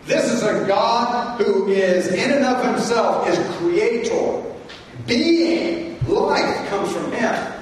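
A male pastor preaching a sermon, swinging between loud emphasis and quiet intensity. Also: sits high, slow pace, a little hiss or hum. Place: large church hall. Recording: echoey hall from far off.

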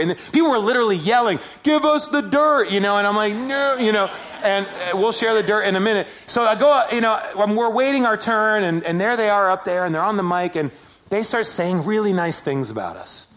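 A man preaching a sermon, telling stories with animated, self-deprecating humor. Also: high voice, fast talker. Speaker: pastor.

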